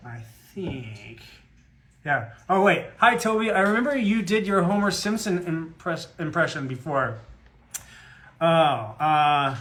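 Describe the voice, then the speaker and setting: A man talks through a live fan Q&A, rambling from point to point and cracking self-deprecating jokes. His voice sits slightly high for a man and carries an easy, conversational tone. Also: sing-song, takes it slowly, a bit bright. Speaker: guest voice actor at a fan autograph Q&A. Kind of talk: casual live-stream chat.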